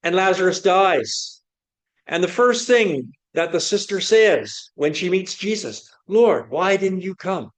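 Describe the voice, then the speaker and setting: A man's voice: high voice, lively intonation, takes it slowly. A man preaching a sermon, asking many rhetorical questions in an earnest, searching way.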